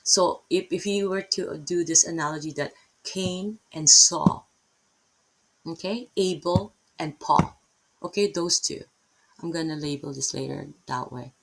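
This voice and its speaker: A woman giving an informal Bible lesson, rambling with many pauses and tag questions. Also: sits low, vocal fry, rough recording. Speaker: Bible teacher.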